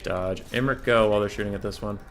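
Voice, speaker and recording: A man's voice: on the low side, fairly even intonation, rapid-fire. A young man commentating his own strategy game match, sarcastic and profane, sometimes breaking into outbursts at his units. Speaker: gamer streamer. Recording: faint game music behind.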